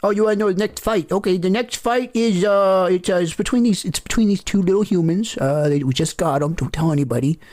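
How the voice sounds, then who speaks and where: A man's voice: high-pitched, fairly quick, hardly any pauses, darkish tone, natural voice. A man voicing an impatient male bookie at a betting window who talks in a rambling, offhand way.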